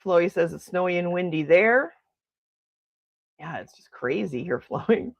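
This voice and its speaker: A woman's voice: fairly low pitch, animated, a little slow, gravelly, dry recording, dull audio. A chatty, exclaiming woman hosting a casual morning livestream from home at a desk microphone, reading out and answering viewer comments. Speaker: livestream host. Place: home in snowy Milwaukee.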